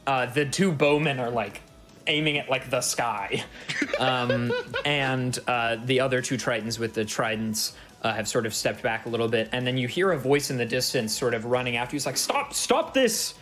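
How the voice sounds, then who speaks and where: A man's voice: medium pitch, fairly even intonation, normal speed, a bit bright. A man narrating as dungeon master in a tabletop game, loose and filler-heavy.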